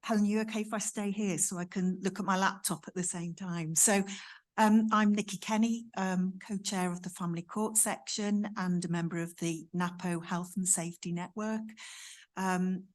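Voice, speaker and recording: A woman union health and safety rep giving a conference presentation, methodically reading out figures and guidance step by step. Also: mid-range voice.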